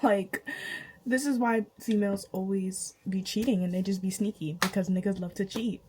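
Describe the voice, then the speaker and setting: A young woman, casually telling a storytime to her channel, animated and chatty, laughing often and jumping high in pitch with disbelief. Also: normal speed, slight background noise, low-quality recording. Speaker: vlogger.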